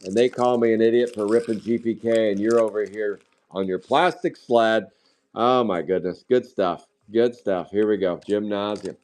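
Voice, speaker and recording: A man's voice: lowish voice, moderate pace, a little mellow. A man chatting casually while opening trading card packs on a live stream, drifting into rambling side stories. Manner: rambling, sidetracked anecdotes.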